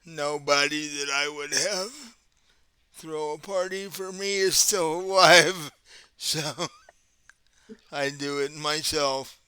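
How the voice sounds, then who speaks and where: Guy doing a polite centuries-old vampire prince, super slow and clear, bright voice. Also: fairly high pitch, no room sound. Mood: courteous. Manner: calm, courteous, unhurried host tone.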